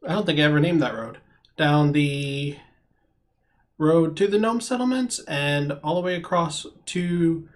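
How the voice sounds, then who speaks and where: A man runs a tabletop game over a voice call, narrating with halting ums and restarts. His voice sits a little high for a man. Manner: hesitant, restarts, frequent ums while narrating. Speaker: game master.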